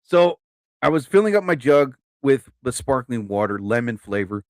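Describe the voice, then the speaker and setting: A man's voice: mid-range voice, sing-song, normal speed, a little mellow, no echo. A man in his fifties telling stories on a live stream in a casual, chatty way, laughing at his own jokes. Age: 50s.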